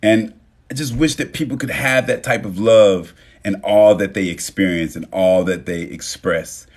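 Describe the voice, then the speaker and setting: A man's voice: on the low side, moderate pace. A man hosting a phone live stream, speaking casually and emotionally, swearing freely and thanking viewers by name. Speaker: livestream host.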